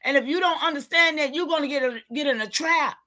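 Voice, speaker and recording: A woman giving an impassioned, preachy livestream talk, calling out to her listeners and sometimes shouting in frustration. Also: sits high, fast. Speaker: online community leader.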